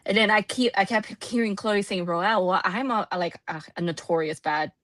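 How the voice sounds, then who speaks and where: A woman's voice: medium pitch, brisk, a bit bright, dry recording. A woman co-hosting a casual book club chat over a video call, thinking aloud with frequent restarts.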